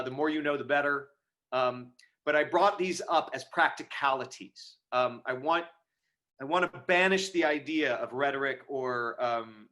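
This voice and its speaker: A man's voice: medium pitch, fairly bright tone. A man giving a casual online lecture on performing verse, thinking aloud with many ums and restarts, recorded over a video call. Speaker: acting teacher. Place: home setup on a video call. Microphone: video call microphone.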